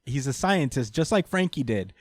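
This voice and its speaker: A young man co-hosting a podcast recaps a manga chapter in casual conversation, laughing often and acting out the characters' lines with animated energy. His voice is mid-range at a normal speed, with no room sound.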